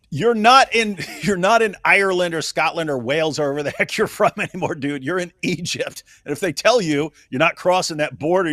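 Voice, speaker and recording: Animated man co-hosting a talk show. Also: fairly high pitch, normal speed, hardly any pauses, no room sound. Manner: animated, laughs while talking, frequent restarts. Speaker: co-host. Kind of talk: casual political discussion.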